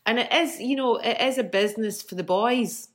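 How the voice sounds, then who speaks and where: A woman's voice: on the high side, normal speed. A middle-aged Scottish woman, a band frontwoman, telling stories bluntly in a casual interview, swearing freely. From Scotland.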